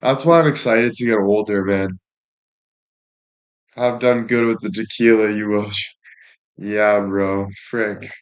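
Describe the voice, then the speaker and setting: A man's voice: lowish voice, steady tone, slow pace, pauses often, echoey room. A young man livestreaming, chatting casually in a rambling, profane, laid-back way.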